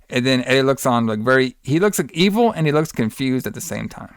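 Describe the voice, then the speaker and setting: A man's voice: mid-range voice, fairly quick, hardly any pauses, smooth, dry recording, studio quality. A man co-hosting a podcast, recapping a horror movie in casual, profane chat, rambling and acting out the characters' lines. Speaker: podcast co-host.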